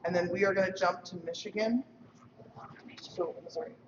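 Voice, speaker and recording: A woman calling a quick fact-check break and giving practical instructions to fix a results board. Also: on the low side, steady tone, noisy background. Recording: roomy lo-fi stream, hall reverb from far off.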